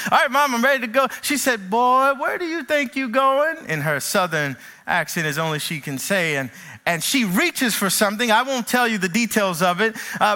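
Bright-voiced preacher man from the South. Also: high voice. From American South. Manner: preacherly, with dramatic slow-downs and repeated words. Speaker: pastor. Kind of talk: sermon.

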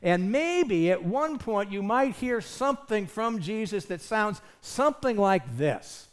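A man's voice: high-pitched, big pitch swings, measured pace, hardly any pauses, clear, resonant tone. A man preaching a sermon as pastor, earnest and emphatic, asking his listeners rhetorical questions.

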